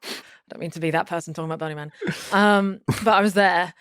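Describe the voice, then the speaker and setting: A woman's voice: on the low side, fairly even intonation, fast talker, fairly bright tone, smooth, dry recording, clean studio sound. A woman as a podcast guest, telling a personal story casually, rambling with many fillers and restarts.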